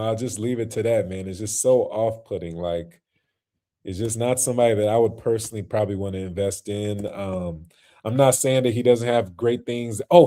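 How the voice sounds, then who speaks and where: A man's voice: mid-range voice, darkish tone. A man hosting a casual reaction stream, talking loosely with lots of slang and fillers and laughing often.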